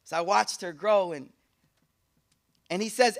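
High-voiced man telling a dramatic sermon story. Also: measured pace, vocal fry, long pauses. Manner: dramatic storytelling, swings between loud and hushed. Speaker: speaker, Islamic teacher.

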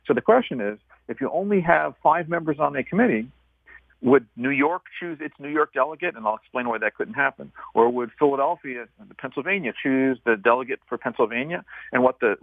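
A man's voice: medium pitch, gravelly, dry recording. A man who is a regular guest on a radio show, explaining history step by step in a teacher-like way. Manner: explanatory, teacher-like, walks the host through points step by step. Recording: tinny phone line.

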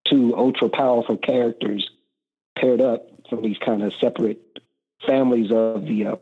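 A man calling in to a comic book chat show, talking in an easygoing, halting way with frequent fillers. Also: medium pitch, fairly even intonation, breathy edge. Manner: easygoing, hesitant with many fillers. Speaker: caller. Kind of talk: casual call-in chat. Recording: tinny phone line.

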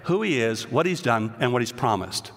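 A man preaching a sermon with an American accent, reading scripture with rising, loud emphasis. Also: medium pitch, animated, normal speed. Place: church sanctuary. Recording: long church reverb.

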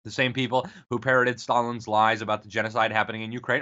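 A man's voice: medium pitch, flat delivery, fast talker, hardly any pauses, sharp tone, dull audio. A man giving an emphatic, sarcastic political commentary, speaking straight to his listeners and calling them folks.

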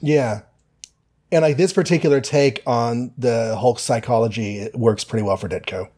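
A man's voice: mid-range voice, moderate pace, a little mellow. Man casually recapping comic plots. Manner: playful, summarizes plots with goofy quoted voices. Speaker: podcast co-host.

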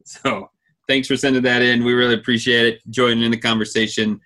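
Brief: male podcast host, bright tense tone, mid pitch, easygoing and reassuring. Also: level tone, a little fast. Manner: easygoing, reassuring, reads listener messages. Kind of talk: casual chat.

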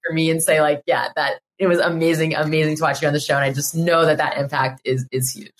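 A woman hosting a casual podcast interview, speaking in a warm, grateful and emotional way. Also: deep voice, level tone, fast talker. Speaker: podcast host.

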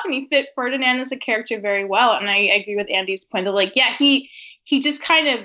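Chatty woman co-host, bright and a touch high, easygoing film talk. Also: animated, moderate pace. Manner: chatty, laughs while talking, lots of "like". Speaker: podcast co-host. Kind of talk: casual film discussion.

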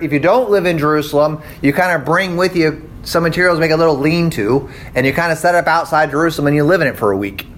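A man's voice: on the high side, fairly bright tone, slight background noise. A man teaching a Bible class in a casual lecture style, conversational and often checking in with his listeners. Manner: conversational, checks in with "okay?" and "right?".

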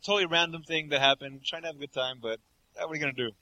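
A man's voice: a little high, fairly even intonation, rapid-fire, bright, forceful tone, low-quality recording. A man co-hosting a podcast in casual chat, joking and laughing as he listens. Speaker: podcast co-host.

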